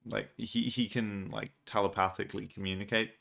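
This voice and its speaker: Low-voiced man recapping a comic. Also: moderate pace, gravelly. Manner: relaxed, thinking aloud, reads out dialogue plainly. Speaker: manga reaction video host. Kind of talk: casual recap and commentary.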